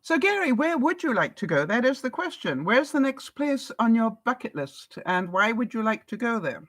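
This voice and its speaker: A woman's voice: fairly high pitch, sing-song, normal speed, no echo. An older woman with an English accent, chatting on a live stream and reading viewer comments aloud, laughing often. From England. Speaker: vlogger. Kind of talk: casual live-stream chat.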